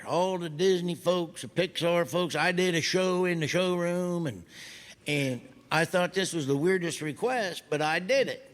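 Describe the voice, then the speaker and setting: A man doing stand-up comedy, telling folksy stories loudly and mimicking other people's voices. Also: sits high. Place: stage before a live audience. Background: audience laughter.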